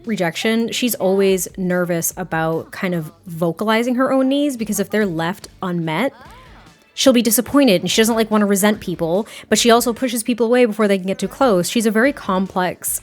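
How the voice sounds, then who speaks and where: A woman's voice: medium pitch, lively intonation, moderate pace. A young woman narrating a life-sim game story in a chatty, giggly, rambling way. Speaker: gameplay creator.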